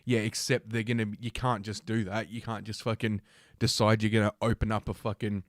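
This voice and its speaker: A man's voice: fairly low pitch, level tone, fairly quick, dry recording, studio quality. A young man hosting a livestream, reading news aloud and ranting about it in a sarcastic, profane, combative way. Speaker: livestream host.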